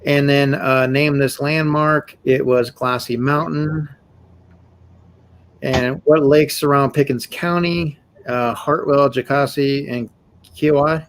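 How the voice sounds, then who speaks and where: A man's voice: medium pitch, fairly even intonation, slow pace. A man hosting a casual live stream, rambling with fillers as he reads out quiz answers. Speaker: show host.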